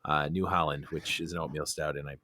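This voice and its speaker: A podcast host from the Chicago area leads a casual beer chat, laughing often and filling his talk with fillers and restarts. His voice rumbles low with a level tone, moving a little fast, pushed and bright. The studio sound is clean, with no room sound at all.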